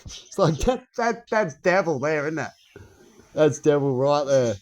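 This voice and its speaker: A man's voice: a little high, expressive, a little slow. A man filming a rambling vlog on his phone, swearing, chuckling and asking viewers rhetorical questions. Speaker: vlogger. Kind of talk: rambling casual monologue to camera.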